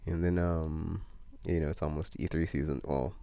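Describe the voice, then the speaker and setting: A man talks through his plans in a loose, wandering way, piling up fillers and restarts. His voice sits extremely low with a gravelly edge, and the recording is dry. It sounds like easygoing monthly vlog chat. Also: fairly even intonation, normal speed, mellow, no room sound. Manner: meandering, many fillers and restarts. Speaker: vlogger. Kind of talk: casual rambling chat.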